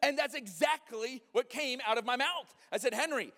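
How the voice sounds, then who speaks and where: A man preaching a sermon, telling a story animatedly, dropping to a hush and then rising to loud exclamations. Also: extremely high pitch, moderate pace. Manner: animated, swings from hushed to loud. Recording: long reverb of a large hall.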